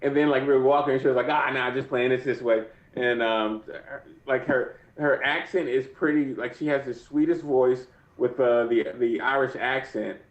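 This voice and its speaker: A man's voice: medium pitch, steady tone, normal speed. Young male fighter guest, rambling and casual; dull, roomy remote audio. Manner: rambling, many fillers and "you know what I mean". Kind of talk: casual interview. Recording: muffled echoey remote audio.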